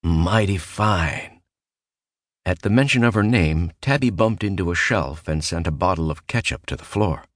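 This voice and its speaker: A male audiobook narrator reads horror fiction in a measured, even storytelling voice. His tone sits very low and deep. The sound is dry and close, with no room echo. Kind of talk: scripted narration. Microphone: close studio mic.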